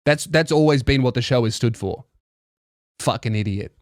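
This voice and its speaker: A man's voice: mid-range voice, moderate pace, no echo. A young man hosting a podcast, ranting in a sarcastic, mocking, profane comedic monologue into a close mic. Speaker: podcast host.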